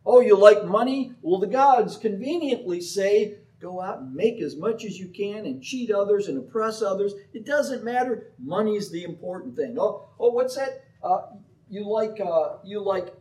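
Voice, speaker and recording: A man voicing a flattering male false prophet who tells listeners whatever they want to hear. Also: high-pitched, moderate pace, pitched above the performer's own voice. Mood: wheedling. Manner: wheedling, eager. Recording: voice from far off the mic.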